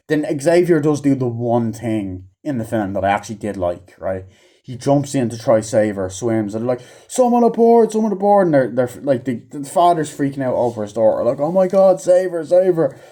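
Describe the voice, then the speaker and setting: Guy ranting about a movie, swears every other word, keeps doing the characters' lines, warm low-ish tone. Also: a little fast. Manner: profane, rambling, acts out characters' lines in a raised voice. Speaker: movie reviewer. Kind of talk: casual rambling movie review.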